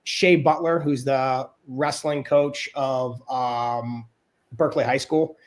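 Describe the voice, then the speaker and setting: A man, a podcast guest, in casual chat, talking in an animated, rambling way with many fillers. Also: medium pitch, slow. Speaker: podcast guest, Olympic wrestler.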